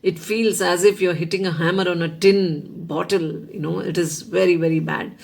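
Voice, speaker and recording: A woman's voice: fairly low pitch, steady tone, normal speed, creaky. A woman voicing a vain, boastful male butterfly who looks down on everyone. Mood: scornful. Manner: scornful, dismissive.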